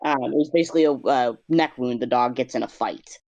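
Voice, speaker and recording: A man's voice: medium pitch, fairly quick, no room sound, lo-fi sound. A man, a makeup artist and vet tech, telling a story at an easy pace in a casual interview, with many "um"s. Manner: relaxed storytelling with "um"s.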